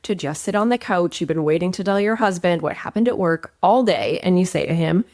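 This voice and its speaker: Expressive woman coach, lowish dry voice. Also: fairly quick, no echo. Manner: expressive and emphatic, with frequent upward swings and a few laughs. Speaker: relationship coach and host. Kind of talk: direct-to-camera relationship advice talk.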